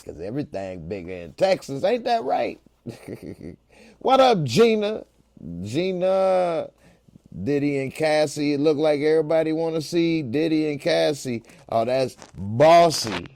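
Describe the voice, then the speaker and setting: A man's voice: a little high, sing-song, unhurried, darkish tone, no room sound. A man hosting a casual live-stream, joking around and reading out chat comments in a laid-back way. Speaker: podcast host.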